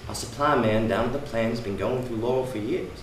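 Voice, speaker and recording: An actor playing a brash, mocking working-class husband who taunts and bullies, in an amateur stage play. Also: male voice, mid-range voice, brisk, noisy background, lightly acted. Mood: sneering. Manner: sneering, taunting, forceful. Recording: echoey room, distant mic.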